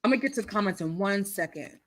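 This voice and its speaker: A woman hosting a casual livestream chat, animated and outspoken, quoting scripture and swinging between loud outrage and hushed apologies. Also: mid-range voice, quick pace. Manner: religious, quotes scripture. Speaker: livestream host.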